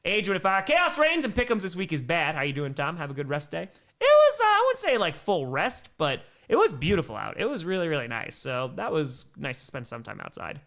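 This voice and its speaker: A young man hosts a casual live stream, reading chat messages and reacting. His voice sits high and bright and swings widely in pitch, from low mumbled asides to loud, excited bursts. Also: brisk. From American Midwest.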